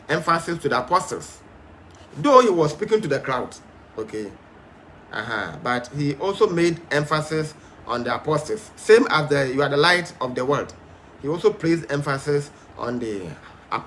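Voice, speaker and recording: A man's voice: on the high side, fairly bright tone, a little hiss or hum. A man teaching a Bible study in an emphatic, stern, repetitive way, with frequent fillers.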